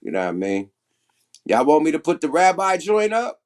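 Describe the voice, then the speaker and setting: A man's voice: fairly high pitch, sing-song, normal speed. A man hosting a casual livestream, talking loosely and emphatically with plenty of profanity. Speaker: livestream host.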